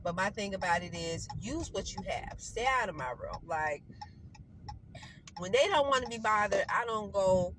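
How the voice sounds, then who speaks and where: A woman with a congested head cold talks to her viewers in a loose, rambling vlog chat, often circling back to correct herself. Her voice sits at an ordinary middle pitch. A strong vehicle rumble runs underneath the whole recording. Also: expressive, normal speed. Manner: rambling, chatty, self-correcting. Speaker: vlogger. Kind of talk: casual chat to camera. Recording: noisy vehicle background.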